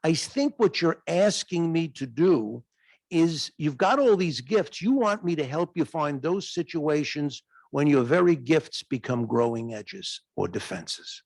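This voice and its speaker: A man giving an animated answer in a lecture question period, acting out dialogue as he tells a story. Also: a little slow, vocal fry, no room sound. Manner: animated storytelling, acts out dialogue in raised pitch. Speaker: guest lecturer. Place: lecture hall.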